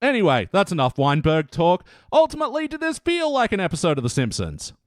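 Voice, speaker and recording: A man's voice: sits high, wildly swooping pitch, a little fast, no room sound, studio quality. A man co-hosting a casual review podcast, telling stories, laughing often and leading the questions. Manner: chatty storyteller, laughs often, leads the questions. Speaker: podcast co-host.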